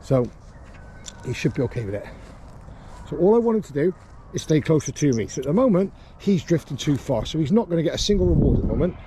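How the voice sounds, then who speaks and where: A calm man teaches dog training out on a small grass field, his voice a touch higher than most men's but mellow in tone. Faint outdoor noise hums behind him, and he explains each step in a steady, matter-of-fact way. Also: fast talker. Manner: calm explaining, with sharp shouted commands to a dog.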